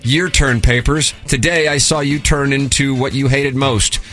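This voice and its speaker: A man's voice: medium pitch, fairly even intonation, a little slow, fairly bright tone, soft background music. A man hosting a radio show, reading listener emails aloud with a sarcastic, mock-formal delivery.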